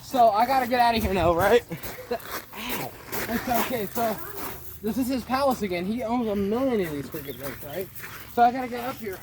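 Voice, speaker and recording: A man giving a goofy tutorial at an outdoor playground, excitable and joking and always asking "right?". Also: very high-pitched, noisy background. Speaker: vlogger.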